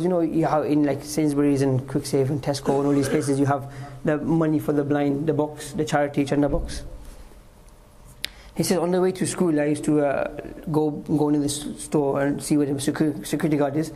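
A man's voice: a little high, warm tone, a little hiss or hum, low-quality recording. A man giving a mosque talk, retelling stories and repeating points for emphasis. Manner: storytelling, acts out quotes, emphatic repetition. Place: mosque hall.

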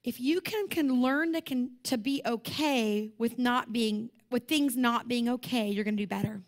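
High-voiced woman preaching with passion. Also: moderate pace. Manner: passionate, conversational preaching with repetition. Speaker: conference speaker. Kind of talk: sermon. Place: conference room.

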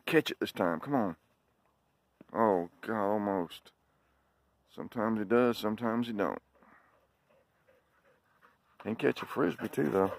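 A man's voice: lowish voice, a little slow, creaky, pauses often. A man with a Southern US accent, chatting casually and coaxing his dog during a game of fetch outdoors. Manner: drawling, talks to his dog in short coaxing calls. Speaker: dog owner vlogger. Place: outdoors on a sunny day.

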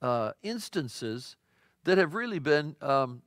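A middle-aged pastor preaching a midweek sermon in a folksy, conversational storytelling way, with frequent fillers and restarts. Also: male voice, a little high, big pitch swings, slow pace, a bit bright, dry recording, studio quality. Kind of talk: sermon teaching.

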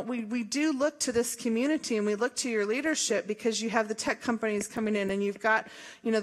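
A middle-aged woman from Missouri, an association leader giving an emphatic, jokey, conversational speech at a forum. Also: a little high. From Columbia, Missouri. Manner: lively, emphatic, jokey, with laughs and rhetorical questions.

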